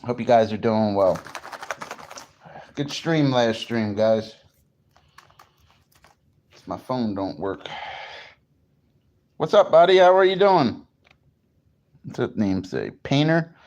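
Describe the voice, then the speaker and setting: A man's voice: mid-range voice, animated, takes it slowly, pauses often, a little mellow, dull audio. A man from New Jersey chatting casually on a morning livestream, greeting viewers and swearing freely. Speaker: livestream host.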